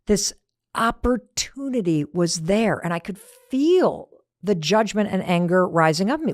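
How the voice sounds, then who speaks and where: A woman's voice: mid-range voice, animated, a little slow, no room sound, studio quality. A middle-aged woman hosting a motivational podcast, talking in a conversational way and acting out the lines she quotes. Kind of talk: motivational talk.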